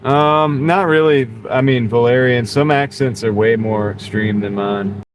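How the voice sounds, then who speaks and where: A man's voice: medium pitch, unhurried. A man with a mild North Carolina Southern accent, chatting casually with live viewers while he drives for deliveries. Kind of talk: casual live-stream chat. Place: inside a car. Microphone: wireless mini mic with phone. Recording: steady car and road noise.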